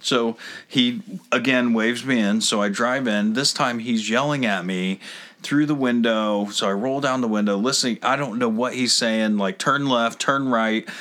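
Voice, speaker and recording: A man's voice: medium pitch, normal speed, fairly bright tone. A man in his thirties who is hard of hearing, telling a rambling, exasperated story in casual chat and swearing along the way. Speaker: podcast co-host telling a story.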